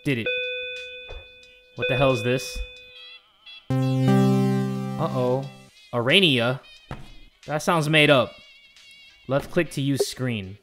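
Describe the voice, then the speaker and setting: A young man commentating a video game, excitable, joking and swearing. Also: mid-range voice, takes it slowly, pauses often, music in the background. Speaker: gaming channel host. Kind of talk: let's-play commentary.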